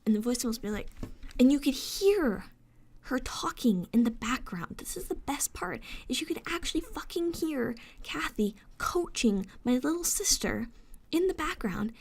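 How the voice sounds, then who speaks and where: A woman's voice: on the high side, moderate pace, gravelly, a little mellow. A young woman telling an upsetting story as a vlogger. She vents, swears a lot and often drops into a whisper. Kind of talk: emotional storytime rant.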